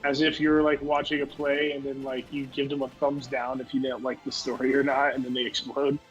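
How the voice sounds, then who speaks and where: A man's voice: mid-range voice, little pitch movement, fairly quick, highs cut off, faint music behind. A tired man in casual chat while streaming a game, rambling and laughing, with lots of "like". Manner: rambling, laughs often, says "like" a lot.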